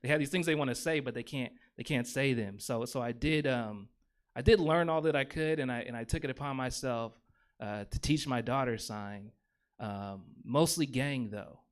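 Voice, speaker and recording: A man's voice: mid-range voice, normal speed. A man in his thirties doing stand-up comedy on a theater stage, rambling and self-deprecating, with lots of fillers and restarts.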